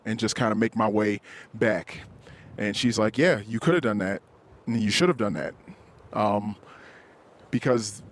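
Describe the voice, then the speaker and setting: A middle-aged man hosting a solo podcast, talking in an introspective, rambling and profane way, with frequent restarts. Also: medium pitch. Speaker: podcast host. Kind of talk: solo confessional podcast monologue.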